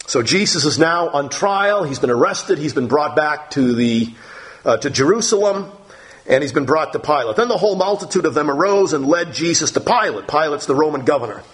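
A man delivering a morning Bible lesson, reading passages aloud and then explaining them. His voice sits a little high and moves a lot in pitch, rising and falling as he teaches. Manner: animated, reads scripture aloud and explains it. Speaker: preacher.

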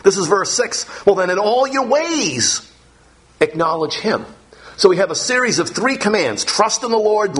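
A man's voice: fairly high pitch, a bit bright. Earnest man preaching a sermon. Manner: earnest, repeats phrases, rises on key words. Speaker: pastor.

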